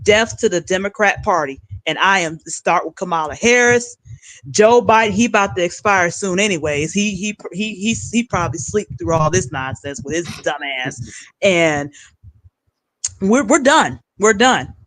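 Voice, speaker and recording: A woman's voice: fairly low pitch, animated, normal speed, fairly bright tone, no room sound, low-quality recording. Blunt, ranting woman livestream host. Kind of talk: political commentary livestream.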